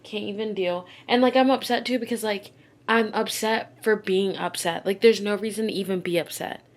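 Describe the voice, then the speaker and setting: A woman's voice: medium pitch, steady tone, moderate pace. A young woman vlogging casually, rambling in frustration with many fillers, close to tears and short of breath. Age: young adult. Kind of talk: casual vlog chat.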